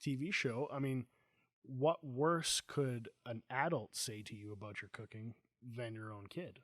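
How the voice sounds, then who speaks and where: A middle-aged man with a mid-pitched voice hosts a relaxed conversation. He tells stories in an animated, joking way. The recording is close and dry. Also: measured pace, no echo. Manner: animated storyteller, jokey. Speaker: host. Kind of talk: casual chat.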